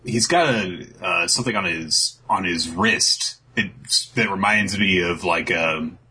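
A man's voice: deep voice, a little slow, sharp tone, breathy edge, rough recording. A man co-hosting a casual podcast, recapping a manga chapter with lots of hesitant fillers.

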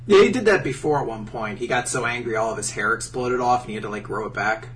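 A man's voice: medium pitch, fast talker, fairly bright tone, far from the mic, a little hiss or hum. A man co-hosting a casual podcast who riffs with made-up jokes. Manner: jokey, riffs with invented gags. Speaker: podcast co-host. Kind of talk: casual chat.

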